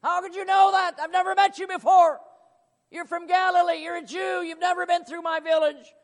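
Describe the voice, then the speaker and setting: A man's voice: high-pitched, fairly even intonation, quick pace, darkish tone, big-room sound, close to an everyday voice. A preacher, a man, voicing an astonished Samaritan woman at a well, firing off exclaimed questions.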